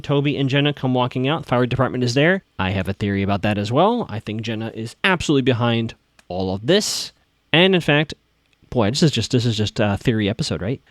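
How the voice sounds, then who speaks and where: A man's voice: mid-range voice, no room sound. Chatty man recapping a TV episode, dry sound. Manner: chatty, theorizing, quotes lines in a flat voice. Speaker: podcast host recapping a TV episode. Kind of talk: casual recap and commentary.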